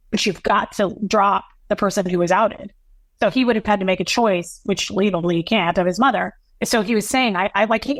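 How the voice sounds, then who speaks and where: Woman in her thirties, earnest and halting storyteller, mid-pitched voice, dry close sound. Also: no room sound. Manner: earnest, halting, full of restarts and quoted dialogue. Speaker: podcast guest. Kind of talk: emotional personal storytelling.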